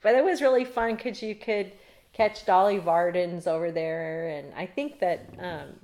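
A woman's voice: lowish voice, a little slow, a little mellow. A middle-aged woman from Alaska, telling a rambling story in a casual interview and laughing often.

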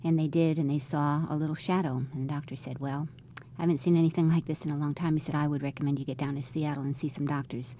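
In an interview with slight background noise, a middle-aged mother tells a family story conversationally, performing the quoted lines. She has a low, warm voice with a steady tone and speaks fast with few pauses.

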